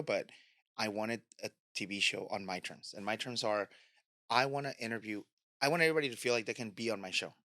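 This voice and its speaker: A man talks casually as a podcast guest, with a voice set low but bright and forward. He tells stories at length and plays out the dialogue of the people in them. The sound is close and dry, with no room echo. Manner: storytelling, acts out quoted dialogue. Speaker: podcast guest and media host. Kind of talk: casual interview conversation.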